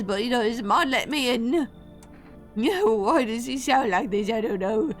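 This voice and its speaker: A woman's voice: a little high, animated, unhurried, soft background music. A woman streamer chatting playfully while playing a game. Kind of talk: casual gameplay commentary.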